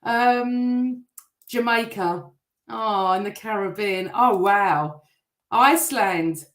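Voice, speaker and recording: A middle-aged woman hosting a live football fan show, chatting and reading out viewer comments, her voice a bit rough. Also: mid-range voice, slow pace. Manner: chatty, warm toward viewers, teasing. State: voice still rough from shouting. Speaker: host. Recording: echoey room.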